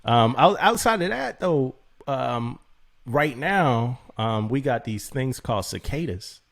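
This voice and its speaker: A man co-hosting a podcast, telling a story in a loose, animated way, acting out text messages and laughing often. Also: medium pitch, slow pace, creaky. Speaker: podcast co-host. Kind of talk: casual podcast chat.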